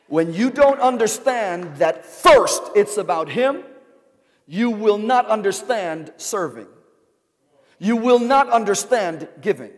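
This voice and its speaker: A high-pitched, animated male preacher takes his time, calling out question after question for his congregation to answer. The recording carries the long reverb of a big church sanctuary.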